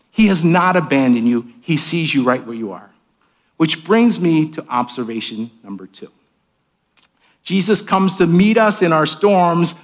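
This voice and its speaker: Man, pastor, sermon, church sanctuary, slightly higher voice, animated, emphatic then hushed. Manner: animated preaching, swings between raised emphatic lines and hushed asides.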